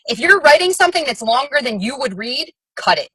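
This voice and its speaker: A woman's voice: high voice, big pitch swings, fairly quick, sharp tone, slightly rough, no room sound, rough recording. A woman coaching her team on a call, talking in a chatty, frank way with lots of fillers. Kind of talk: casual coaching talk.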